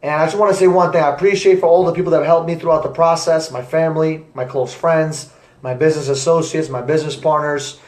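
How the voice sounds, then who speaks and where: A young man, an entrepreneur, giving an energetic motivational talk to camera with repetitive, punchy phrasing. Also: a little high, quick pace. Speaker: entrepreneur vlogger. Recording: echoey room.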